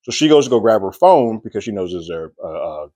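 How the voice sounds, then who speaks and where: A man with a very deep voice walks through a TV episode in a relaxed recap. His delivery is chatty and loose, full of restarts. The sound is dry and close, with no room echo. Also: brisk. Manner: chatty, loose retelling with frequent restarts and acted-out quotes. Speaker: TV show reviewer.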